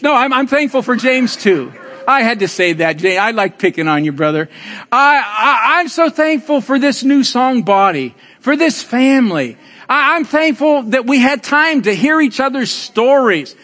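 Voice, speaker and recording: An older male pastor with a high voice tells stories from the pulpit and ribs his flock. He builds to loud, emphatic points. His sermon rings with the long reverb of a church hall. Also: sing-song, measured pace. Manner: storytelling, teasing the congregation; emphatic preaching with rising exclamations. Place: church sanctuary.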